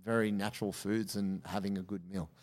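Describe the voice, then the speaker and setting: A man in casual podcast chat, his voice sitting a little low. He tells a story with energy and acts out the quoted lines as he goes. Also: steady tone, brisk, a little mellow. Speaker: podcast co-host.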